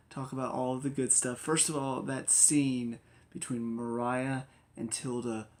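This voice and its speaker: A man rambles through a casual review of TV episodes in a chatty, enthusiastic way. His pitch sits in the middle of the male range. Faint noise hums underneath. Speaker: TV review vlogger.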